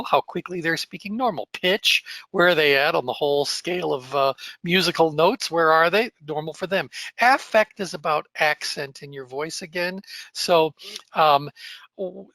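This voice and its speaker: A man's voice: a little high, bright, forceful tone, no echo. A middle-aged man teaching a coach training lesson in a conversational, explanatory way with frequent ums and uhs. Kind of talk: recorded training lecture.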